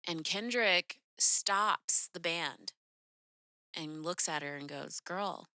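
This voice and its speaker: A woman's voice: sits low, takes it slowly, sharp tone, no room sound, clean studio sound. A young woman hosting a podcast, telling a story in a chatty, casual way full of "like" and "um". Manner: chatty, lots of "like" and "um", acts out quoted voices. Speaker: podcast host.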